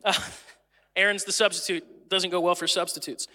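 Young male pastor, high bright voice, casual joking sermon delivery, reverberant hall. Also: level tone, moderate pace, pauses often. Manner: casual, joking storyteller who acts out quotes. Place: church auditorium.

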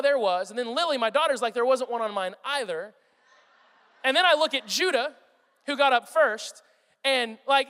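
A man in his thirties preaching a sermon, telling animated family stories and acting out his children's voices. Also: very high voice. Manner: animated storytelling, acts out his kids' voices. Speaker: pastor. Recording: reverberant hall sound.

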